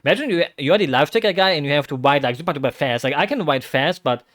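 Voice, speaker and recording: Excitable man reacting to football. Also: on the high side, fast talker. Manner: excitable, rambling, bursts of loud exclamations. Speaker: vtuber streamer. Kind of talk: live football watch-along reaction.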